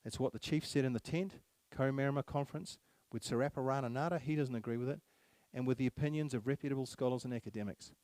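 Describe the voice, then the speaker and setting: An emphatic man speaking at a public meeting addresses a live crowd, repeating key phrases and firing rhetorical questions at them. His medium-pitched voice is fast and darkish, with hardly any pauses and no room sound.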